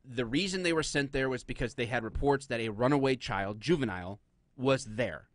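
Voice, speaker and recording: A man co-hosting a live stream in loose, joking banter, now and then slipping into silly put-on voices. His voice sits at an ordinary middle pitch and comes through a close, dry mic with no room sound. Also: fairly quick, no echo. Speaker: podcast co-host, police officer.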